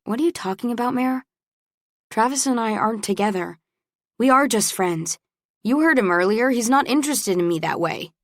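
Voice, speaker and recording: A woman voicing a wary young college woman who defends herself quickly in an audiobook. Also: on the high side, lively intonation, no echo, clean studio sound, pitched above the performer's own voice. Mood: defensive.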